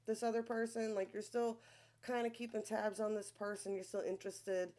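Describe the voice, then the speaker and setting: A woman's voice: medium pitch, flat delivery, moderate pace, mellow. A woman with a Long Island accent giving a casual tarot reading, chatty and profane, often tagging her points with a questioning "right?". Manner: chatty, keeps asking "right?", swears freely. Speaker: tarot reader.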